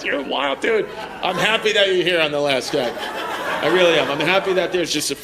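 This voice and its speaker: Male stand-up comic, high voice, brash crude teasing of the audience, laughing crowd and background noise in a live club. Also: animated, fairly quick, creaky. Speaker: stand-up comedian. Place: comedy club stage before a live audience.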